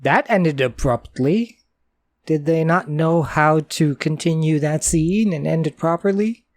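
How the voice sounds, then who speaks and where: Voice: medium pitch, unhurried. A co-host reacting to a horror movie, tossing out blunt opinions and complaints about whatever bugs them. The sound is close and dry, without any echo from the room. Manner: blunt, opinionated and easily annoyed. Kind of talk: casual movie reaction commentary.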